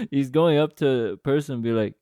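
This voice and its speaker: A man of middling pitch co-hosts a casual podcast. He jokes, laughs often and slips into voices for the people in his stories. His voice sounds dry and close to the mic. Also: huge pitch swings, normal speed, mellow, no room sound. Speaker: podcast co-host. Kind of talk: casual chat.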